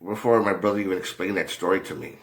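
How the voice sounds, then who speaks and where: A man telling a rambling story in a casual way, halting often, with many fillers and restarts and a lot of swearing. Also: low voice, fairly even intonation, creaky. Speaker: commentator.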